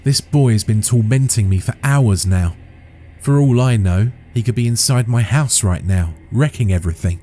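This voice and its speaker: A man's voice: medium pitch, expressive, normal speed, few pauses, mellow, voice pushed up, lightly acted. A man voicing a frightened, frantic young woman who pleads in panic. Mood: furious.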